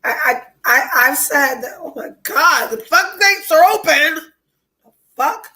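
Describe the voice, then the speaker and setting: A woman with a high voice hosts a podcast in a frank, emotionally open monologue. She swears freely and sounds stuffy-nosed from a cold. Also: expressive, a little slow, bright, forceful tone, low-quality recording. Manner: blunt, profane, emotionally open. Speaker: podcast host.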